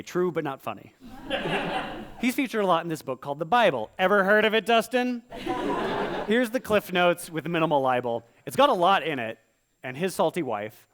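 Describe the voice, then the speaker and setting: A man performing stand-up comedy in rhyme on a live stage, slipping into quick voiced asides. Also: on the high side, a bit bright. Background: audience laughter.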